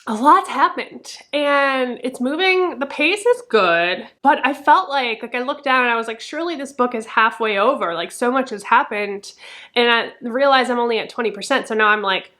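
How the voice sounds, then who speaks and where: Young woman, book vlogger, crisp bright voice, casual and profane. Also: on the high side. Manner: chatty, peppered with "like", swears freely. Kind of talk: casual book review chat.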